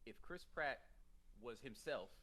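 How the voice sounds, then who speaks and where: A man's voice: medium pitch, animated, a little slow, a bit bright. A man co-hosting a podcast in casual chat, opinionated and laughing often. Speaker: podcast co-host.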